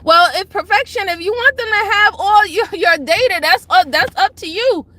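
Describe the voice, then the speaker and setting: Bright, high-voiced woman livestream host. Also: normal speed, dry recording. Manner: greets chatters by name, lectures and pleads; emphatic, repeats herself. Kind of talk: casual livestream commentary.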